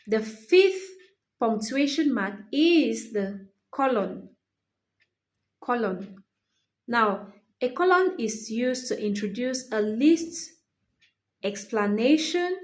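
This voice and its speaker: A woman teaching English punctuation, explaining slowly and repeating key phrases for emphasis. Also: on the high side, animated.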